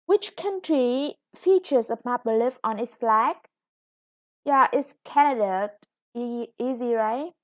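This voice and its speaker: A woman's voice: fairly high pitch, slow pace. A woman English teacher with a Vietnamese accent, explaining a lesson patiently. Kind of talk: recorded classroom lesson.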